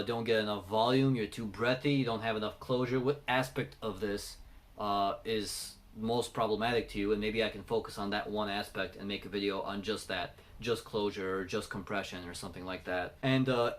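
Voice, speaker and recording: Bright-voiced male singing coach. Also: on the low side, a little hiss or hum. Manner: explains then belts sung examples. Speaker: vocal coach. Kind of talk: singing tutorial with demonstrations.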